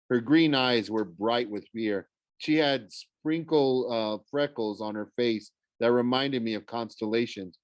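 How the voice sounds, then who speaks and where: A man's voice: medium pitch, unhurried, dry recording. A man reading a first-person novel chapter aloud in a casual way, often stumbling over words and correcting himself. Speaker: audiobook reader.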